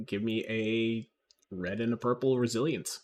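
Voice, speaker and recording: A man's voice: fairly low pitch, normal speed. A man running a tabletop game, who narrates in a rambling way with many restarts. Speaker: game master.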